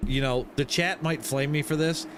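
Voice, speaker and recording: A man's voice: a little high, fairly even intonation, moderate pace, noisy background. A man broadcasting a sim racing stream, mixing casual race commentary with joking banter and frequent laughter. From Michigan. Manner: laughs a lot, joking and loose.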